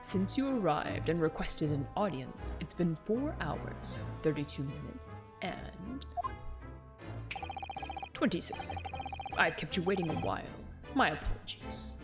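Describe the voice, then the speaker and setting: A woman's voice: fairly low pitch, very animated, unhurried, over music. A woman voicing a stern, imposing male chief judge in a game, serious and clipped. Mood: curt.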